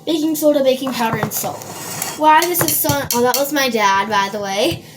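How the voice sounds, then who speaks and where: Chatty high-voiced woman from Minnesota. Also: normal speed, noisy background. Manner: chatty, rambling, filler-heavy, talks to viewers. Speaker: home baker vlogger. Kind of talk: casual baking vlog. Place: home kitchen. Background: dishes and cutlery clatter.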